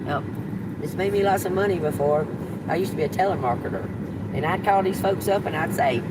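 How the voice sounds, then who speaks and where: A woman with a Southern US accent, a tarot reader talking straight to her viewers, blunt and profane, swinging between a slow drawl and heated outbursts. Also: fairly low pitch, background noise. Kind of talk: unscripted video rant to viewers.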